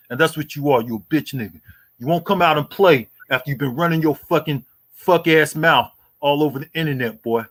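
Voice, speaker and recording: A man's voice: fairly high pitch, fairly bright tone. A man in his forties hosting a boxing livestream, taunting a rival in a profane, repetitive rant. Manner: taunting, profane, repeats "boy" and "you hear me". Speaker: boxing YouTube host.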